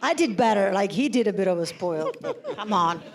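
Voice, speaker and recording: A woman's voice: mid-range voice, big pitch swings, normal speed. A woman who is an actor guest in a press Q&A, playfully chiming in with short remarks. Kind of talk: casual Q&A chat.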